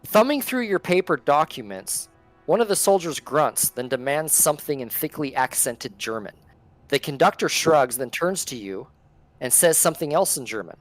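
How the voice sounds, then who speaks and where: A man's voice: on the high side, very animated, normal speed, faint music behind. A man narrating a tabletop game as game master, setting scenes with description.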